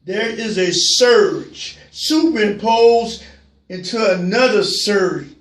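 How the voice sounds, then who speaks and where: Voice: lively intonation, slow pace, distant mic. Passionate talk host in a roomy space. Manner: passionate, repeats phrases, swings from low murmurs to shouts. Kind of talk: call-in talk show monologue. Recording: roomy sound, voice from away from the mic.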